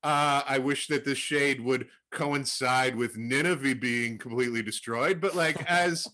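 A young man casually retelling a Bible story to a group, acting out the quotes with animated jumps in his voice. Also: measured pace. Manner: animated storytelling, acts out quotes with rising pitch. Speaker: Bible study leader.

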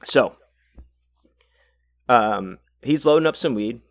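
A man's voice: medium pitch, lively intonation, takes it slowly. A podcast host, a man, telling a long story in a casual, rambling way, swearing freely and stopping often to restart his sentences. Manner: rambling, profane, many fillers and restarts.

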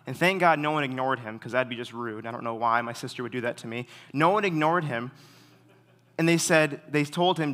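A young man giving a sermon in a relaxed way, full of fillers, telling stories with animation. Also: mid-range voice, a little fast. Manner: relaxed, filler-heavy storytelling; animated when retelling stories. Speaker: preacher. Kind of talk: casual sermon.

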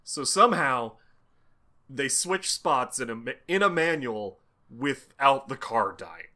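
A man's voice: mid-range voice, expressive, takes it slowly, pushed and bright. A man co-hosting a podcast, casually retelling a comic scene, acting out the lines and laughing as he goes. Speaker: podcast co-host. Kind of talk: casual chat.

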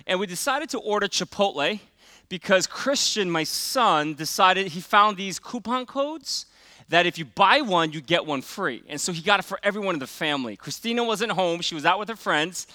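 A middle-aged man preaches in a relaxed storytelling style, full of small fillers and quiet drops for emphasis. His voice is a little high for a man, bright and smooth. The sound is close and dry. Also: normal speed, dry recording. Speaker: pastor. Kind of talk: sermon with personal story.

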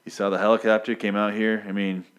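A man's voice: fairly low pitch, level tone, quick pace, smooth, natural voice. A man putting on a smug villain who keeps repeating himself, in a mocking tone. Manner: mocking, over-insistent.

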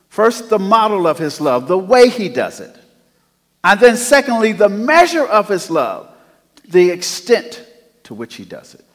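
A man preaching a sermon as pastor, moving between hushed, quiet passages and loud, emphatic calls to the congregation. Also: mid-range voice. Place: church sanctuary. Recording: long church reverb.

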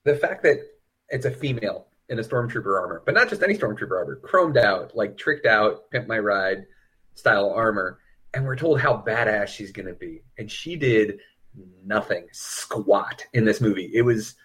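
A man's voice: on the low side, animated, normal speed, fairly bright tone, breathy edge. A man co-hosting a podcast, talking casually and animatedly about a film. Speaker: podcast co-host.

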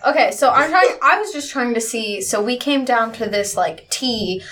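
A woman playing a tabletop role-playing game, eager and playful as she talks with the table. Her voice is a little high, with faint hiss in the background. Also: animated, moderate pace, fairly bright tone. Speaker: player.

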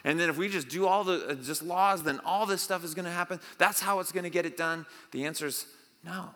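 Bright-voiced pastor in a reverberant hall. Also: male voice, high-pitched, fairly quick. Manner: conversational, acts out disciples' reactions, repeats and restarts. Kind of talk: casual sermon. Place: church sanctuary.

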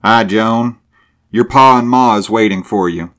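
A man's voice: fairly low pitch, a little slow, a bit bright, pitched above the performer's own voice. A man doing a laconic country gatekeeper. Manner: drawling country dialect. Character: laconic rural gatekeeper in overalls.

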